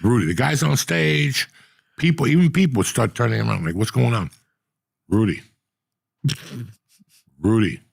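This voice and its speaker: Gravelly, profane storytelling man. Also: medium pitch, a little fast, no echo. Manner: profane, animated storyteller acting out quotes. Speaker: podcast host. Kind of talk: casual storytelling.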